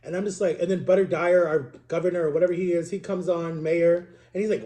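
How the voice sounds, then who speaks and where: Mellow man rambling in a casual vlog. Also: high voice, steady tone, fast talker, hardly any pauses. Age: 30s. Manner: rambling, confessional, many "like" fillers. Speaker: vlogger. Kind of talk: casual personal vlog monologue.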